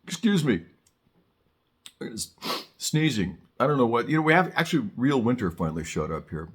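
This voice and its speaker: A man's voice: medium pitch, big pitch swings, moderate pace, fairly bright tone. An older man teaching saxophone in a casual, joking way, often restarting his sentences and adding wry asides. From Southern California. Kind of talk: casual on-camera music lesson.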